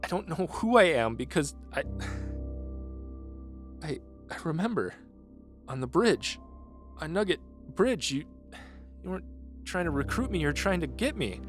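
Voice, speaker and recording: A man's voice: on the high side, expressive, a little slow, long pauses, voice pushed up. Man doing a shaken forgotten man, faltering, repeating words, bitter, faint music behind. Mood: distraught. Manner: faltering, repeating himself, rising to anger.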